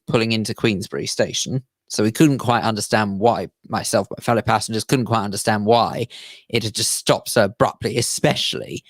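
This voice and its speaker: A man's voice: on the low side, a bit bright, dry recording, studio quality. Wry, teasing male radio co-host. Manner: wry, teasing, tells anecdotes. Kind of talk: casual radio chat and storytelling. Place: radio studio.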